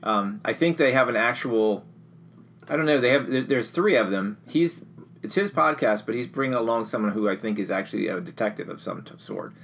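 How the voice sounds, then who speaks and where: A man's voice: mid-range voice, animated, brisk, a bit bright, a little hiss or hum. A man co-hosting a podcast, chatting in an easygoing, rambling way with wry humor. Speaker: podcast co-host. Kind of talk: casual chat.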